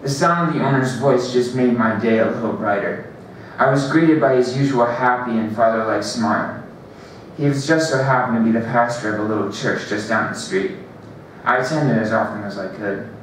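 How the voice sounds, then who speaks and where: A man's voice: mid-range voice, slight background noise. A man reading his own first-person story aloud at an open mic, stumbling and correcting himself as he goes. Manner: halting, restarts and corrects himself. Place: library event room. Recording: very echoey room, distant mic.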